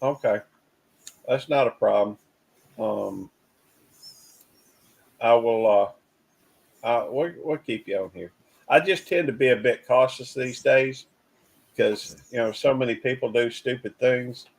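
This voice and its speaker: Halting man hosting a live stream. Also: mid-range voice, gravelly, slightly rough, low-quality recording. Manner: halting, repeats words, cautious. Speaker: stream host. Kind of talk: casual live-stream chat.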